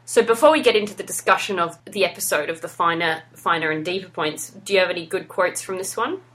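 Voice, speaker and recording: A woman's voice: on the low side, fast, fairly bright tone. A woman hosting a podcast, enthusiastically recapping a TV episode in casual chat. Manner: enthusiastic, recounts scenes and quotes. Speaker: podcast host.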